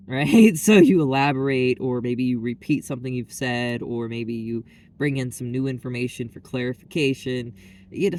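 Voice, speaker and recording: A man's voice: mid-range voice, darkish tone. A man vlogging in a casual, rambling monologue, venting with exasperation and lots of filler words.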